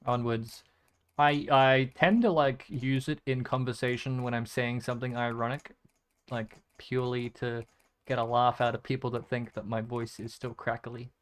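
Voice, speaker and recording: Man, gaming streamer, casual commentary, mutters and repeats words, swears a lot, smooth clear voice. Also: medium pitch, level tone, moderate pace. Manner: mutters repeated item names while clicking, swears often.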